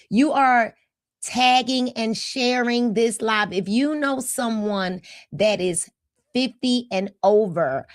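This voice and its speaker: A woman's voice: fairly high pitch, no echo, clean studio sound. A woman, hosting a casual livestream and greeting viewers by name in an upbeat way. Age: 50s. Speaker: host of a livestream.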